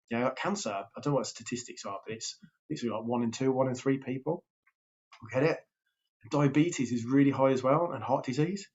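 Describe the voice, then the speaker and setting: A man's voice: medium pitch, a little mellow. A man, a health and weight loss coach, talking casually and checking in with his listeners as he goes. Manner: chatty, keeps checking in with "yeah?". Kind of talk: casual motivational talk to camera. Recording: slightly dull lo-fi sound.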